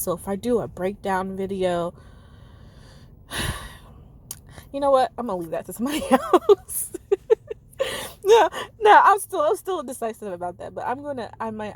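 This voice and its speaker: A woman in her thirties talking casually to camera, chatty and candid, with lots of "like" and "you know". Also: medium pitch. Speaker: vlogger.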